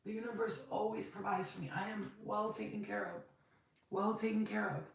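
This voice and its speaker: A woman's voice: mid-range voice, flat delivery, fairly quick, creaky. A woman giving a casual spiritual reading, emotional and emphatic, swearing freely as she talks. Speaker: tarot card reader. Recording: very echoey room, mic far off, noisy.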